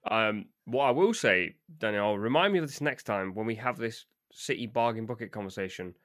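Brief: male podcast host, lowish voice, dry close sound, easy chatty delivery. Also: lively intonation, moderate pace, a bit bright, no echo. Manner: laughs often, leads the running order. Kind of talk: casual football chat.

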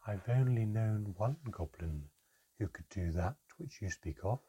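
A man voicing a calm, terse older female goblin who speaks slowly and quietly. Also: on the low side, breathy edge, muffled recording, heavily acted. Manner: slow, quiet and measured.

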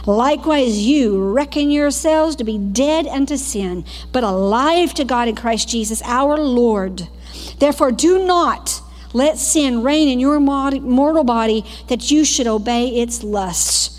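A high-pitched woman preaching with fervent, preacherly conviction. She teaches a Bible school class, dropping into quoted prayers and quick asides to the room. Her voice rings out with a long reverb, as in a large hall. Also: expressive, darkish tone. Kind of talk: teaching sermon.

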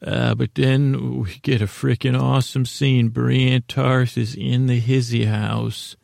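A man's voice: mid-range voice, flat delivery, slow, vocal fry, a little mellow, dry recording, studio quality. A man hosting a podcast, recapping an episode in a casual, rambling way from his notes, often breaking off and restarting. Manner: rambling, self-interrupting, reading from notes. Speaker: podcast host.

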